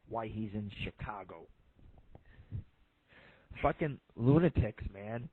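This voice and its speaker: A man's voice: on the low side, expressive, slow pace, long pauses, a little hiss or hum. A man hosting an internet radio show, telling crude jokes in a rambling, profane monologue full of fillers. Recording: phone-like lo-fi line.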